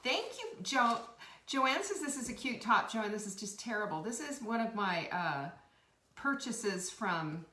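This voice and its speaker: A woman hosting a live-stream, chatting warmly with viewers and greeting them by name. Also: a little high, sing-song, measured pace, far from the mic, slight background noise. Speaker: host. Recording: echoey room.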